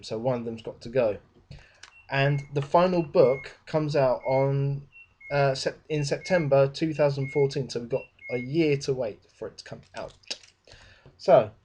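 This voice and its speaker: A man's voice: medium pitch, a little mellow. A young man giving a rambling, casual spoken book review. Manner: rambling, with many fillers and restarts.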